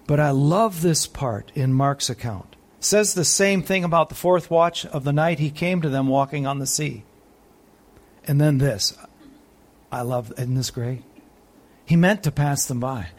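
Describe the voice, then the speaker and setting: A man teaching a Bible sermon who swings between excited, emphatic high points and hushed, soft reflection, reading scripture aloud and asking his listeners questions. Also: a little slow, long pauses. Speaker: preacher.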